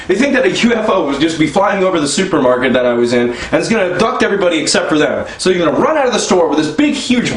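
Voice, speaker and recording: A man telling a crude, exasperated comedy rant about strangers, acting out their voices as he goes. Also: on the high side. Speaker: stand-up comic. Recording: echoey room, mic at a distance, faint background noise.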